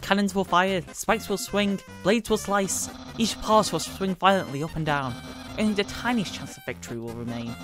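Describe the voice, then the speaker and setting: A woman voicing a loud, boastful male skeleton with bombastic, shouted proclamations while reading game dialogue in a let's play, music playing behind her. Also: mid-range voice, normal speed, close to an everyday voice. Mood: grandiose.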